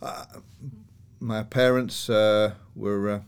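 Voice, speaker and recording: An older man with a Yorkshire lilt talks as a podcast guest. He chats in a relaxed, rambling way, full of fillers, and laughs easily. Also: on the low side, slow pace, creaky, smooth. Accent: Yorkshire English. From northern England. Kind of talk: relaxed personal storytelling.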